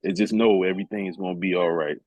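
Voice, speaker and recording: A man's voice: sits low, steady tone, fast talker, a little mellow, no room sound, highs cut off. A man in a casual heart-to-heart talk, telling stories in a laid-back, streetwise way. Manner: laid-back, streetwise storytelling, chuckles often.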